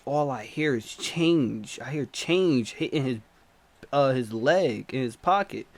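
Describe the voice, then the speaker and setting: A man telling a spooky personal story to camera, full of slang and repeated phrases. His voice sits at an ordinary male pitch, and he speeds up and circles back as he relives the chase. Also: expressive, slow pace. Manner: slangy, breathless retelling with repetition. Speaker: storyteller vlogger.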